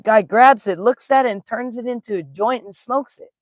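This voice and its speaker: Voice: mid-range voice, moderate pace, dry recording, clean studio sound. Casual live-streamed spiritual teacher. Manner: casual storytelling, greets chat viewers; laughs easily, folksy slang.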